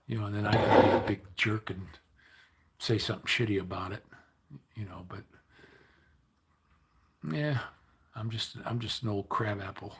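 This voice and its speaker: An older man chatting casually to his livestream viewers, weary and low on energy, rambling and grumbling with many restarts. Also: moderate pace, pauses often, slight background noise. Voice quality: gravelly, raspy. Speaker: livestream host.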